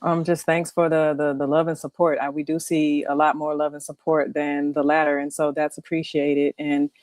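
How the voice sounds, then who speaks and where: Woman guest on a live show, pretty flat delivery, lots of ums, dry sound. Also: deep voice, no room sound. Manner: measured, even, many ums. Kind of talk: casual livestream talk.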